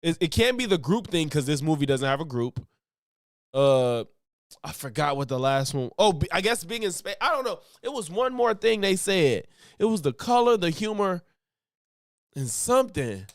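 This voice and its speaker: A man with a fairly high voice gives casual reaction commentary, rambling and correcting himself as he goes. His sound is dry and close, with no room around it. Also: very animated, normal speed, dry recording. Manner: rambling, with restarts and self-corrections, laughs often. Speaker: streamer reacting to videos.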